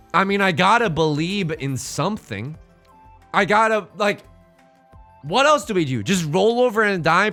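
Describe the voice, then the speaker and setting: Man, game commentary, lively pitch swings, bright voice, joking, soft music behind. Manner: animated, joking, swings between mock despair and hype. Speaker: let's play host.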